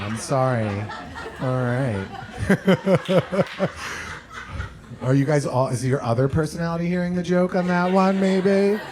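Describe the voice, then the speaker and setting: A man doing a stand-up set at a comedy club, delivering deadpan one-liners with quick self-corrections. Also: medium pitch, slight background noise. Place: comedy club stage with audience laughter.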